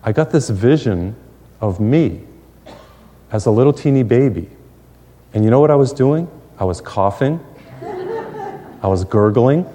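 A man's voice: mid-range voice, wildly swooping pitch, measured pace, long pauses, warm tone, slight background noise. A middle-aged man preaching a sermon, telling folksy stories with humorous asides. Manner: folksy storytelling with jokes and asides. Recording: long hall reverb.

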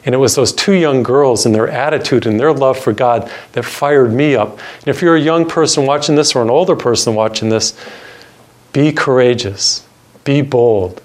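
An older man, a Catholic priest, telling a personal story in an earnest sermon and slowing down to stress key words. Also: mid-range voice.

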